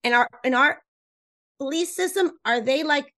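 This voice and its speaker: A woman whose first language is Spanish, a relationship coach explaining ideas in an interview, lively and emphatic, repeating points and laughing often. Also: sits high, moderate pace. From Cuba. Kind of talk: animated explanatory interview talk.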